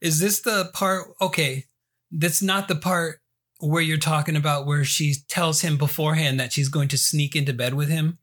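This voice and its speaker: A man co-hosting a film podcast, relaxed and laughing, swearing casually as he talks. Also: on the high side, normal speed. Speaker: podcast co-host. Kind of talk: casual film review chat.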